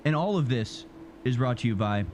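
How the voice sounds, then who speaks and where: A man co-hosting, talking in a relaxed, somewhat halting way at an ordinary pitch. A steady hiss sits under his voice. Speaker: co-host. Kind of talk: casual on-air talk.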